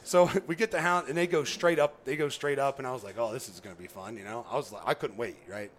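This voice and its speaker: A man, a podcast guest, telling a story in a casual, animated way, laughing often and acting out dialogue. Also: medium pitch, fast.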